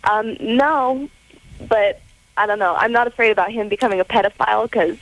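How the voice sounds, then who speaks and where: Hesitant young woman caller with creaky voice. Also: mid-range voice, poor audio. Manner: hesitant, many pauses. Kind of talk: call-in radio conversation.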